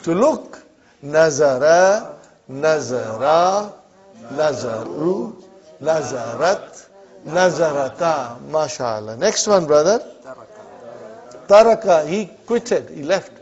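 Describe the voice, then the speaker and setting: A man teaching an Arabic class speaks slowly and deliberately, repeating verb forms and prompting students with quick check-ins. His voice sits slightly high for a man. The recording is dull and lo-fi. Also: expressive, a little mellow. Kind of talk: classroom Arabic grammar lesson.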